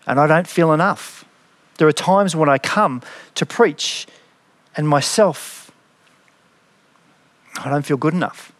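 A fairly high-voiced man preaches a sermon in an earnest, reflective manner. He reads scripture aloud with drama and pauses to ask searching questions. The sound is close and dry. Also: no room sound. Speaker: pastor.

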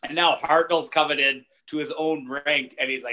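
A man, a comedian, telling casual, profane anecdotes with laughs in a relaxed chat. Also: a little high, normal speed. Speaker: comedian guest.

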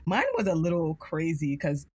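A young woman co-hosting a casual chat, expressive, laughing often and acting out quotes. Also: low voice, normal speed, breathy edge, no room sound. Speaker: podcast co-host.

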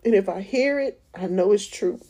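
A woman who is a mother, giving an earnest, emotional faith testimony with repetitions and pauses. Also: medium pitch, warm tone. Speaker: mother of an autistic son.

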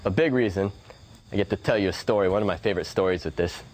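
A man's voice: low voice, fast talker, slight background noise. A man who is a guest, telling reflective stories in conversation and laughing often. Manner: animated, laughing storyteller.

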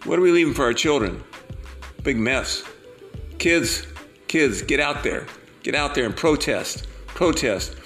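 Gravelly preachy man rambling. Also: mid-range voice, lively intonation, measured pace, long pauses, a bit bright, soft background music. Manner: preachy and repetitive. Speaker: podcast host and political candidate. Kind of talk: rambling monologue with jokes.

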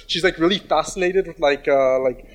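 A man with a fairly high voice tells a story in casual conversation. He rambles, restarts often and leans on fillers, and he speaks in a crude, blunt way. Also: normal speed.

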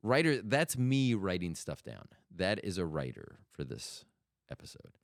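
A man's voice: low-pitched, sing-song, measured pace, vocal fry, dry recording, clean studio sound. A middle-aged man hosting a solo podcast, rambling and joking as he keeps cutting himself off. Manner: rambling, self-interrupting, jokey. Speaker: podcast host.

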